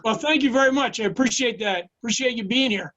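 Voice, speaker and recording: An older man with a scratchy voice giving a classroom lecture and answering questions, halting with many fillers. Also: extremely high pitch, pushed and bright, muffled recording. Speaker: guest lecturer.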